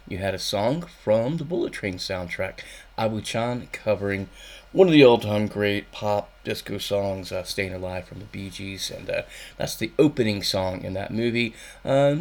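Low gravelly guy hosting a radio show, rambly and jokey. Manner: rambling, tongue-in-cheek, many ums. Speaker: radio host. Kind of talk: casual radio chat.

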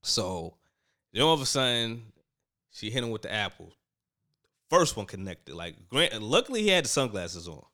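A man casually recapping events, animated and quoting people as he goes. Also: fairly low pitch, normal speed, pauses often. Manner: animated storyteller, quotes people in raised voices. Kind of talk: casual chat recapping a reality show.

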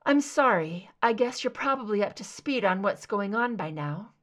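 A woman reading aloud, voicing a weary, composed female FBI agent who talks calmly and directly. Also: medium pitch, normal speed, close to an everyday voice.

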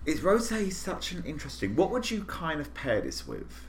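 A man's voice: a little high, very animated, normal speed, slight background noise. A man co-hosting a podcast in casual chat, playful and teasing with a theatrical streak. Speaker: podcast co-host.

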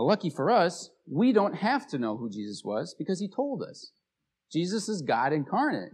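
A man's voice: on the high side, a little mellow, husky. A man preaching a sermon as a pastor, telling stories in a casual, conversational way.

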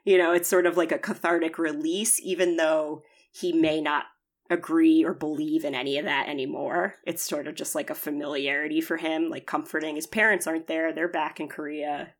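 Woman podcast co-host, lowish voice, animated, casual chat, cusses freely. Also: fairly quick. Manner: animated, acts out quotes with laughter; swears casually.

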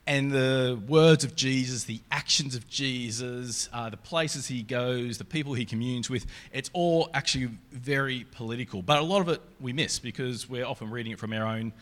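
A man giving a sermon in a relaxed, conversational way, reading scripture aloud along the way. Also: mid-range voice, moderate pace, hardly any pauses. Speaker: preacher.

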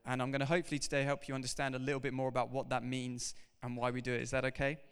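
Youngish guy preaching, fired up and emphatic, smooth ringing voice, big echoey church hall. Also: mid-range voice, rapid-fire. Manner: animated, emphatic, talks directly to the congregation. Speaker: pastor. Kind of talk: sermon. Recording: reverberant hall.

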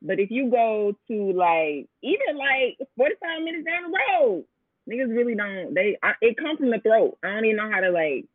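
A woman's voice: mid-range voice, animated, moderate pace, hardly any pauses, no room sound, narrow, tinny audio. A woman with an Atlanta accent chatting playfully with friends and laughing easily. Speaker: podcast guest. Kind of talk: casual chat.

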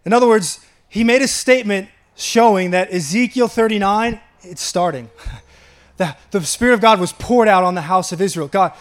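Man, Long Island accent, preaching a sermon, high voice, reads scripture aloud. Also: moderate pace. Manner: preaching to a congregation, quoting and reading scripture; chuckles between points. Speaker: pastor.

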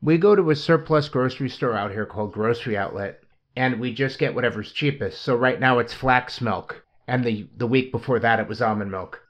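A man's voice: mid-range voice, a little fast. A man hosting a casual podcast chat, telling stories and prompting his co-hosts. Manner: chatty, storytelling, prompts the others. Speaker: podcast host. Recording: muffled lo-fi audio.

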